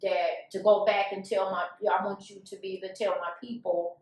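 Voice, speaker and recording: A woman's voice: mid-range voice, little pitch movement, brisk, a little mellow, heavy reverb, distant mic, rough recording. A woman giving a candid, emotional testimony, acting out the voices of people she quotes. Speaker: guest.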